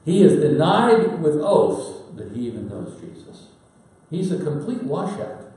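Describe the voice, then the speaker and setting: A man preaching a sermon in a folksy storytelling manner with dramatic pauses. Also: on the high side, big pitch swings, mellow. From Pacific Northwest, United States. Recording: very echoey hall, voice from far off.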